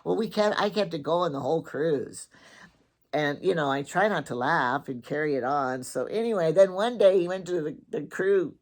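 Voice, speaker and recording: This Wyoming woman hosts her own laid-back morning show, where she spins rambling, teasing tales about her husband in a chatty monologue. Her voice sits low, with lively intonation and an ordinary speaking speed.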